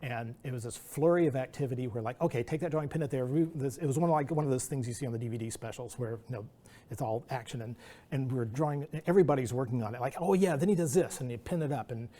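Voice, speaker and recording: Mellow-voiced man telling studio stories. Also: medium pitch, fast talker. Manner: rambling anecdotal delivery with restarts and acted-out quotes. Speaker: guest artist. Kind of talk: storytelling at an artist talk.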